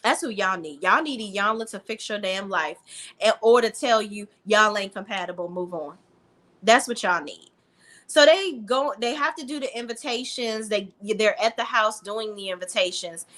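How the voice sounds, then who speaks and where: A woman's voice: medium pitch, animated, moderate pace, bright, forceful tone. A woman recapping a reality show in a casual vlog, blunt and slangy with plenty of swearing. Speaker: reality TV reviewer.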